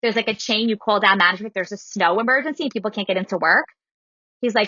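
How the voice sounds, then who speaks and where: A woman in her thirties tells a personal story in a casual podcast chat. Her voice is bright and clear, and she acts out the lines of the people in it. The sound is dry and a little dull. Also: medium pitch, fast, no room sound. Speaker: guest storyteller.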